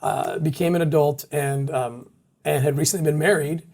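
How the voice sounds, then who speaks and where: A man who leads an anti-trafficking group, telling a story in an interview in an animated way with many quick restarts. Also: fairly high pitch, creaky. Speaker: anti-trafficking organization leader.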